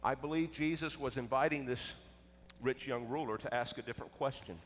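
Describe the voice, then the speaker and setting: A man preaching a sermon, emphatic, swinging between loud and hushed. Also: mid-range voice, brisk, slight background noise. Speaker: pastor. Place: church sanctuary. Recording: echoey church with long reverb.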